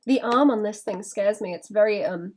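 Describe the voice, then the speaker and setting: A woman's voice: medium pitch, moderate pace, darkish tone, slight background noise. A woman chatting casually while she draws on a live stream, thinking aloud with small laughs and restarts. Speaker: illustrator streaming her drawing.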